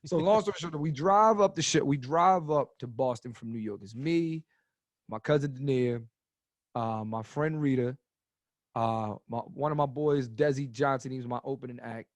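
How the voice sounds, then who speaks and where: A man in his thirties, a comedian guest telling stories on a podcast in a casual, animated way, swearing freely and getting loud as he goes. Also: mid-range voice, normal speed, no room sound. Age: 30s.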